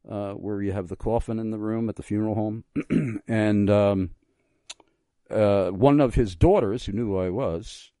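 A man's voice: on the low side, dark tone, dry recording. A middle-aged man hosting a radio talk show, telling a personal story in an earnest, thoughtful way with many small restarts. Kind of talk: casual radio conversation, storytelling.

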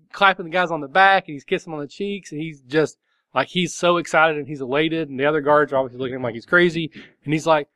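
A man's voice: on the high side, fast talker, pushed and bright, no echo. A man narrating a tabletop game as game master, loose and rambling with many fillers.

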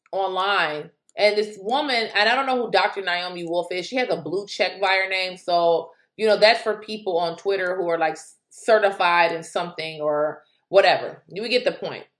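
A woman giving animated political commentary, incredulous and exclaiming at times. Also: medium pitch, roomy sound. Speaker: commentary vlogger.

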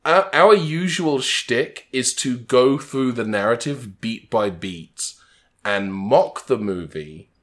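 A man's voice: mid-range voice, expressive, slow. A man co-hosting a podcast in casual comedic chat, given to wry, mock-grandiose rants. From England. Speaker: podcast co-host.

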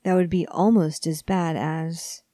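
A woman's voice: sits low, little pitch movement, unhurried, dark tone, no echo, clean studio sound. A woman voicing a thin, stern aunt who speaks formally and cryptically, with clipped sentences and no contractions.

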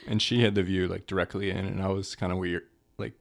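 A man's voice: deep voice, level tone, fast, vocal fry. A man chiming in during a casual chat in a laid-back way. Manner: laid-back, brief interjections. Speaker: podcast co-host.

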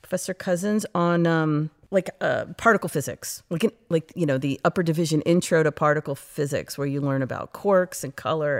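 A middle-aged woman from the United States, an interview guest, telling stories in a lively, chatty way and acting out her past self. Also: low-pitched, fairly quick, few pauses. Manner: animated, quotes her past self, frequent laughs and "like". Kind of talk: casual interview storytelling.

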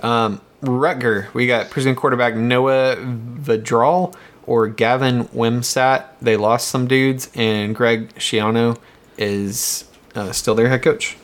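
Male podcast host, mid pitch, relaxed list-reading, casual chat delivery. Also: slow. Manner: relaxed, reads through a list with fillers.

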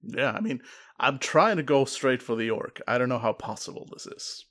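A man's voice: medium pitch, animated, normal speed, a bit bright. A man playing a tabletop role-playing game, blunt and eager for combat. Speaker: player.

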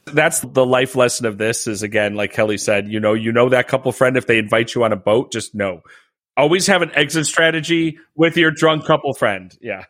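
A man's voice: mid-range voice, fairly quick, no room sound, studio quality. A man co-hosting a casual podcast, joking around and riffing on impressions. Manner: jokey, animated, tries impressions. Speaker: podcast co-host. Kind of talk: casual true-crime chat.

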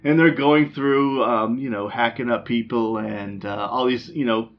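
A man's voice: mid-range voice, steady tone, unhurried. A man hosting a casual movie chat, rambling with lots of ums and restarts. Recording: dull lo-fi sound.

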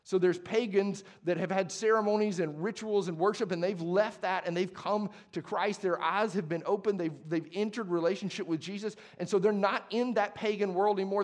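Preaching as a pastor, a high-pitched young adult man moves from quiet, hushed delivery to emphatic declarations. His style stays both conversational and passionate.

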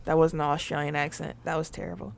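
Podcast host rambling about wrestling, mid pitch, laughs a lot. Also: steady tone, quick pace, vocal fry. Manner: chatty and laughing, steers the topics. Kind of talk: casual chat.

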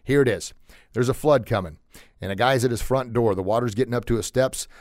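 A man's voice: mid-range voice, fairly quick, a little mellow, dry recording. Middle-aged guy hosting a motivational podcast, earnest, hammers points by repeating them, dry close sound. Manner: earnest, emphatic, repeats phrases for stress. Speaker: podcast host.

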